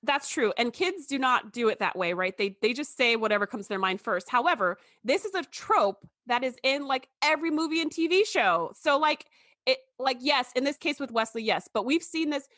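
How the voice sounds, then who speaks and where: Bright, high-voiced woman podcast co-host. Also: lively intonation, moderate pace, no room sound, studio quality. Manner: emphatic, acts out quoted voices. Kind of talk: casual chat about a TV episode.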